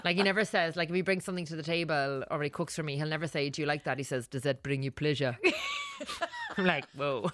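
A young Irish woman, a comedian, chatting casually and acting out quotes with a playful, animated manner. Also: deep voice, fairly quick. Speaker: comedian guest. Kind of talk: casual chat, storytelling.

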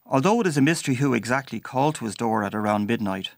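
A man narrating a personal story in a measured, storytelling way. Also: medium pitch, expressive, vocal fry, no room sound, studio quality.

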